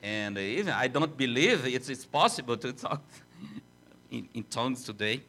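An older man with a Portuguese accent, a native Portuguese speaker, preaching as a visiting missionary in halting, self-deprecating English. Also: medium pitch, expressive, bright, forceful tone, a little hiss or hum. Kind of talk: sermon in a church.

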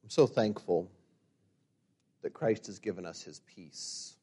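Preaching man, loud emphatic peaks and quiet pulls back. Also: low voice, breathy edge. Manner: builds to loud emphatic peaks, then drops to quiet reflection; reads scripture slowly and forcefully. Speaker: pastor. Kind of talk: sermon.

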